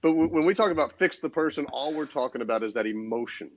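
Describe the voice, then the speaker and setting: A man co-hosting a business podcast, explaining ideas in a steady, casual way. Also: a little high, fast talker, a crowd in the background. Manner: steady, explanatory, many restarts. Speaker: podcast co-host. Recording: dull, dry lo-fi sound.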